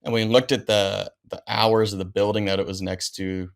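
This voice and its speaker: A man's voice: fairly low pitch, level tone, moderate pace, creaky. A man in his thirties, a pro skier guesting on a podcast, telling stories in a laid-back way full of "like" and "dude.". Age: 30s. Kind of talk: casual storytelling chat.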